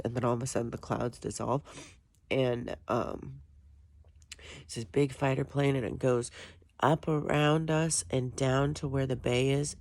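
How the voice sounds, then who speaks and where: A woman's voice: very deep voice, gravelly, warm tone. A woman vlogger telling a long story in a casual, rambling way, with many restarts and fillers.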